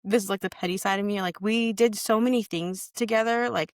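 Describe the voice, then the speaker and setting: A woman's voice: medium pitch, steady tone, a little fast, dry recording, clean studio sound. A young woman on a podcast telling a personal story in casual chat, candid and cursing freely, acting out what people said. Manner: candid, heavy swearing, acts out quoted lines. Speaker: podcast guest.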